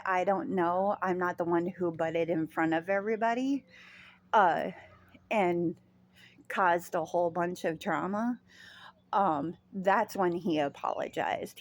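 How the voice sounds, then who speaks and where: A woman vlogger telling a story about a rude sandwich-shop customer in casual chat, rambling with many fillers and restarts. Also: lowish voice.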